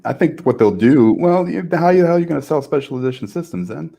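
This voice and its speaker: A man co-hosting a podcast, talking in an easygoing, agreeable way in quick back-and-forth. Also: fairly high pitch, animated, creaky, dark tone. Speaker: podcast co-host. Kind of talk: casual podcast chat.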